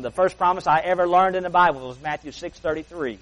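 A man preaching a sermon as pastor, emphatic, slowing down and stretching key words. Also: fairly high pitch, a bit bright, low-quality recording.

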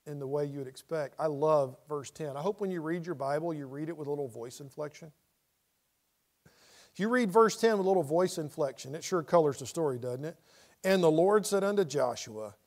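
A man's voice: on the high side, a little mellow. A middle-aged man teaching a Bible study in a conversational way, reading scripture aloud with dramatic inflection.

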